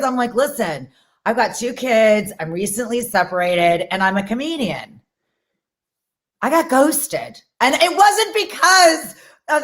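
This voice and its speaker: A woman in her forties tells a stand-up set on a video call. She rambles and mocks herself with lively energy. Her voice sits fairly high. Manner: rambling, self-mocking, animated. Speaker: comedian.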